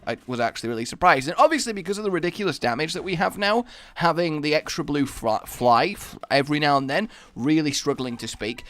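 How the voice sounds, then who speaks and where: A man's voice: a little high, animated, fast talker, fairly bright tone. A young man giving rambling, self-mocking commentary while playing a video game. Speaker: gaming YouTuber. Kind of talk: Let's Play commentary.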